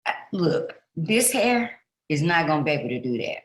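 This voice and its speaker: A woman's voice: sits low, big pitch swings, normal speed, echoey room, rough recording. A woman hosting a podcast as a pastor, speaking in an earnest, chatty way and poking fun at herself in a casual interview.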